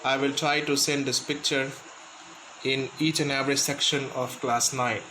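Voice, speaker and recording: A man with an Indian accent, a school teacher, explaining an English lesson slowly and stopping often to gloss words for his students. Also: mid-range voice, flat delivery, sharp tone, roomy sound, a little hiss or hum, rough recording.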